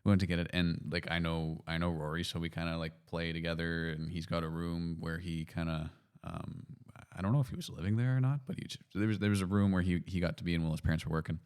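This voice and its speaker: A man from Canada hosting a podcast, talking in a relaxed, hesitant way with lots of fillers. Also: low voice, fast talker, hardly any pauses, clear, resonant tone. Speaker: podcast host. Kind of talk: casual chat.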